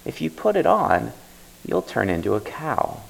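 A man's voice: mid-range voice, wildly swooping pitch, normal speed, creaky, darkish tone, voice pushed up, exaggerated voice, low-quality recording. A man doing a sly old mask seller.

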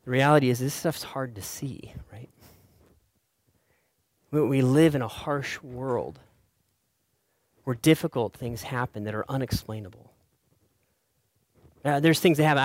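A man's voice: medium pitch, no echo. Dry-sounding man preaching a sermon. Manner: storytelling, swings from soft to loud. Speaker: pastor.

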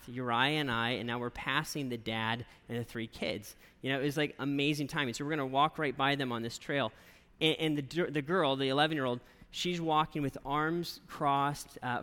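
A man preaching from the pulpit, his voice a little high and strikingly bright and forceful. He talks like an animated storyteller and keeps tossing "right?" to the congregation. A long hall reverb trails behind every phrase. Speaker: pastor. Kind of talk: sermon with a personal story.

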